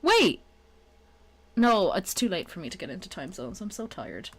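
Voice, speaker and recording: A woman's voice: lowish voice, big pitch swings, normal speed, a bit bright, breathy edge. A young woman from Dublin with an Irish accent, chatting casually on a live stream, swearing and laughing often. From Ireland.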